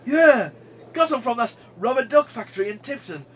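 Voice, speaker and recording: Comedy sketch: a man as a loud, pushy shopkeeper, squeaky high, rough-edged voice. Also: big pitch swings, normal speed, exaggerated voice. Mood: wheedling. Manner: pushy, teasing, bossy salesman patter. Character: pushy male sandwich seller, cheeky and loud.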